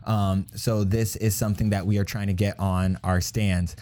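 Laid-back young man, dark voice. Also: on the low side, little pitch movement, normal speed. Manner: rambling, laughs often, imitates people. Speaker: podcast co-host. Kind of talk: casual chat.

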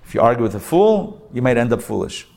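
A man's voice: mid-range voice, big pitch swings, fast talker, creaky, a little mellow. A man teaching a live class as a rabbi, talking conversationally and repeating phrases for emphasis. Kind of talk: live recorded lecture. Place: academy classroom before a live audience.

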